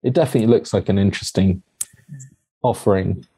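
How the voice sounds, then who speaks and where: A man's voice: deep voice, fast talker, dark tone, breathy edge, dry recording. A man co-hosting a casual chat about films and shows, chatty and laughing often. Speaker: podcast co-host.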